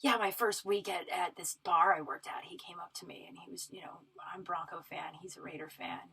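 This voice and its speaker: A woman's voice: fairly low pitch, fairly even intonation, brisk, gravelly, bright, forceful tone, husky, low-quality recording. Swearing, emphatic woman podcaster. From Colorado, USA. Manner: profane, emphatic, with frequent fillers and restarts. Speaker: podcast host. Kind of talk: casual solo podcast monologue.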